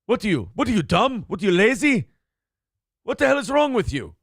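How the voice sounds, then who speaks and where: A man putting on the voice of a foul-mouthed male restaurant owner who yells insults at his staff. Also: high-pitched, big pitch swings, a little fast, slightly rough, no echo, studio quality, pitched above the performer's own voice, heavily acted. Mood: berating. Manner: yelling insults, harsh.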